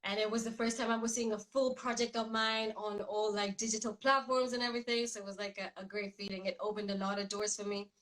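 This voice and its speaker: A woman rapper being interviewed over a video call, upbeat and chatty, quick to laugh, in her groggy morning voice. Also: medium pitch, little pitch movement, fairly bright tone, low-quality recording. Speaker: rapper guest.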